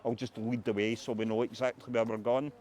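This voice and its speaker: A man's voice: medium pitch, little pitch movement, a little fast, a little mellow, slight background noise. Glaswegian man guiding a street tour. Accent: Scottish (Glasgow). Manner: anecdotal, acts out quoted voices, frequent "uh" fillers. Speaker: walking tour guide. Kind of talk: guided street tour storytelling. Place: outdoors on a city street.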